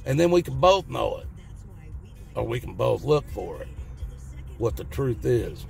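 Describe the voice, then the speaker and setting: A man's voice: medium pitch, big pitch swings, measured pace, gravelly, darkish tone, faint music behind. A middle-aged man with a Southern US accent, hosting his own channel and ranting bluntly in a folksy, cussing manner. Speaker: channel host. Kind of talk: ranting opinion monologue to camera.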